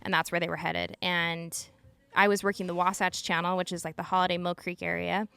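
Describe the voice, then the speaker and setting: A woman's voice: fairly low pitch, flat delivery, fairly quick, gravelly, sharp tone, clear, resonant tone, dry recording, soft background music. A woman in her thirties from Utah, a former emergency dispatcher, earnestly recounting a tense story as a podcast guest, with frequent "like" fillers. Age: 30s. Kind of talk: personal storytelling in a podcast interview.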